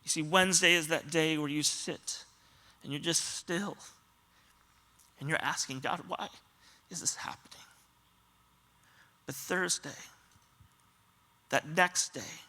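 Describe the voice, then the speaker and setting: A man's voice: on the high side, bright, forceful tone. A man pastor giving a sermon, telling stories earnestly and often quoting other people. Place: church auditorium.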